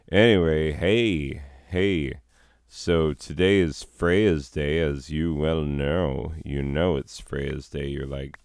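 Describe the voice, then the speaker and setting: A man hosts a casual vlog out in a forest, his voice extremely deep and smooth. He talks slowly, drifting into sarcastic, jokey asides. The sound is dry and close. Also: darkish tone, dry recording. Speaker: host. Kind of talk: casual rambling vlog commentary. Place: outdoors in a forest.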